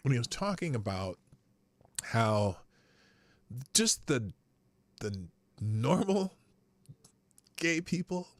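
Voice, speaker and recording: A man hosting a live show, rambling through casual commentary with frequent swearing and sudden jumps in pitch. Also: sing-song, slow, long pauses, no room sound.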